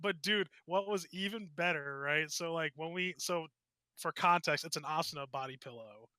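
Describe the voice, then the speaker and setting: Excitable rambling man, dry close sound. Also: on the high side, normal speed, no room sound. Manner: animated, rambling storyteller, swears freely. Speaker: podcast co-host. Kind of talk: casual podcast chat.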